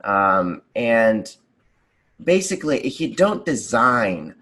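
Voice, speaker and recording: An American man being interviewed about conversation design. He talks enthusiastically and slips into lively voices for his examples. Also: medium pitch, slow pace. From United States. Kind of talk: casual interview chat.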